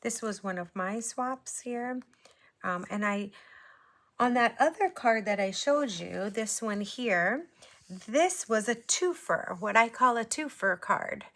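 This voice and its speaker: Woman from hawaii chatting slow about cards, bit of fry in her voice. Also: a little high, lively intonation, fairly bright tone. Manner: unhurried, chatty, admiring. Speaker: papercraft vlogger. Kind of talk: casual show-and-tell chat.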